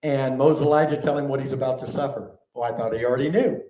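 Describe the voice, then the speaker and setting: A man preaching a sermon to a live audience, animated and conversational, often asking the room questions. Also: medium pitch, quick pace. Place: large hall before a live audience. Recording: echoey hall, mic at a distance.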